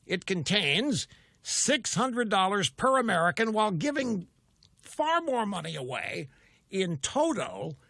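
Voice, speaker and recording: Older male talk radio host: bright, dry studio sound, combative, full of rhetorical questions. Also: high voice, no room sound. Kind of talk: political talk radio monologue. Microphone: studio mic.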